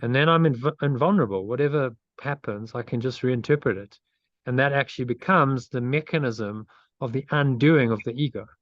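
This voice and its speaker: A man's voice: medium pitch, normal speed, dry recording, dull audio. Earnest man leading a group online. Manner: earnest, repeats and restarts phrases while thinking aloud. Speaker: study group leader. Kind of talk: group discussion and guided meditation.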